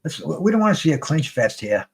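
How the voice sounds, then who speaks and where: A man with a creaky, husky voice on the high side talks a little fast while casually commenting on a live boxing fight as a streamer. He rambles excitedly, curses without restraint and often restarts his sentences.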